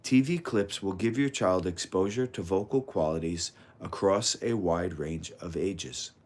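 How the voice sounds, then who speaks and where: A man with a fairly low voice reads a parenting book aloud. His delivery is calm, measured and instructive, in the steady manner of scripted audiobook narration.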